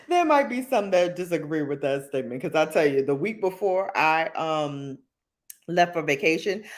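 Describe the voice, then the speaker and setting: A woman telling casual stories on a livestream. Her pitch swings widely as she laughs and acts out the people she quotes. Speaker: livestream host. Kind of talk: casual storytime chat.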